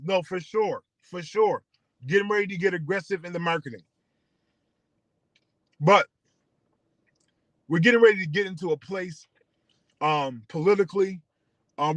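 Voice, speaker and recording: A man's voice: high voice, fairly bright tone, no echo, rough recording. A man hosting a community radio station, speaking earnestly with preacher-like repetition as he rallies his listeners. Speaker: internet radio station host. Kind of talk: passionate community address.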